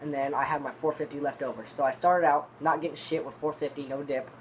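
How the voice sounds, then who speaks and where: A man's voice: on the high side, steady tone, fast talker, slight background noise. A man telling a long, rambling story in casual, profanity-laden talk, reviewing dip tobacco. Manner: rambling, profane, restarts often.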